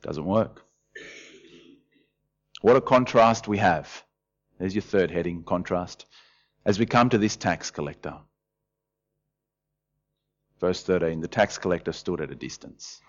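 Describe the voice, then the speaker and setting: Lively man preaching. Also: sits low, measured pace, pauses often, highs cut off. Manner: lively, conversational, often acts out quoted voices. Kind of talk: sermon. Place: church hall.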